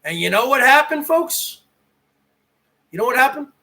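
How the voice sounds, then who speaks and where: A man's voice: extremely high pitch, sing-song, moderate pace, sharp tone, rough recording. A man hosting a livestream, ranting and taunting his viewers and rivals with profanity in casual talk. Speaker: livestream host. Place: home garage.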